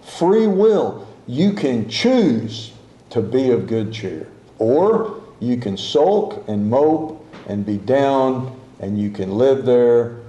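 Guy preaching slow in a big echoey church, chatty, says stuff twice. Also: mid-range voice, dark tone. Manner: conversational, repeats key phrases, corrects himself mid-sentence. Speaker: pastor. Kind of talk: sermon. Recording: echoey room.

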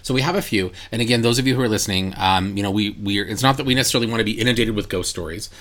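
Guy with a really low voice chatting on a podcast, lots of ums and restarts. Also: racing, a bit bright. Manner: rambling with many fillers and restarts. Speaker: podcast co-host. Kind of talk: casual chat.

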